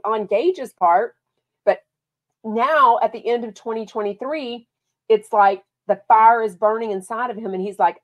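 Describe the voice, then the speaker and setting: Chatty Texan woman podcast host. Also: fairly high pitch. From Texas. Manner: chatty, lively, reads viewer comments aloud. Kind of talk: casual chat.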